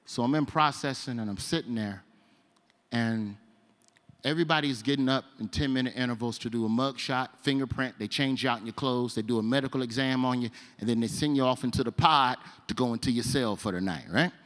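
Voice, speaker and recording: A man performing stand-up comedy, telling a story and moving from hushed asides to loud punchlines. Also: medium pitch, a little fast. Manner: animated, shifts between hushed and loud. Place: comedy stage.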